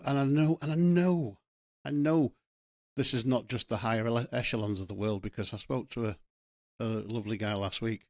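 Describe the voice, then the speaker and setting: A middle-aged Yorkshire man rants bluntly on his own podcast, swearing freely with plenty of passion. His voice sits fairly low, and the recording is dry and close, with no room sound. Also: no echo. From Yorkshire, England. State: sweating, hot. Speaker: podcast host. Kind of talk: solo podcast monologue.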